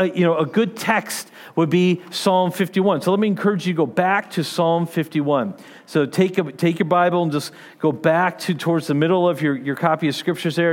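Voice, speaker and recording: Male preacher, slightly high voice, earnest and conversational, repeats words as he goes. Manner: earnest, repeats words while searching for phrasing. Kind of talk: conversational sermon with scripture reading.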